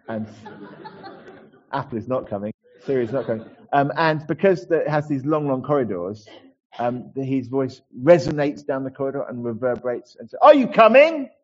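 A man's voice: medium pitch, normal speed, dark tone, lo-fi sound. A man giving a conversational sermon as a pastor in church, with asides and restarts.

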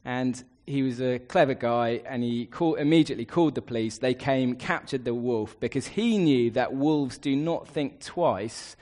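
A man's voice: medium pitch, normal speed, few pauses, a little mellow. A man preaching a sermon, earnest, building his points in emphatic repeated lists.

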